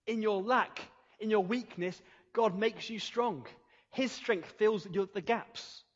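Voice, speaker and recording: Male preacher, sermon, emphatic, drawn-out stresses, church hall reverb, dull lo-fi audio. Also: high voice. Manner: earnest and emphatic, slows down to stress key phrases.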